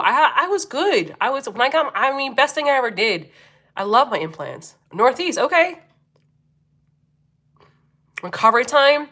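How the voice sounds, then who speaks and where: A woman's voice: fairly high pitch, bright, forceful tone. A woman in her forties from Philadelphia with a Philly accent, hosting a casual livestream, reading comments, laughing often and swearing freely. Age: 40s. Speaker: livestream host.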